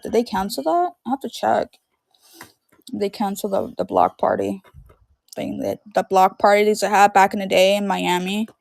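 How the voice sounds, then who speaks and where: A woman's voice: mid-range voice, creaky, a little mellow, no echo. A young woman with a sore, itchy throat, chatting casually on a livestream while selling DVDs and VHS tapes, rambling with lots of fillers. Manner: rambling, filler-heavy storytelling.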